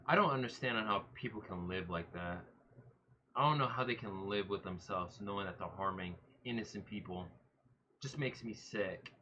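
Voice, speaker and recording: A man's voice: on the low side, normal speed, bright, forceful tone. A man reacting to a true-crime video with blunt, indignant casual comments. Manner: blunt, indignant remarks, swears. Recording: dull lo-fi home mic with faint noise.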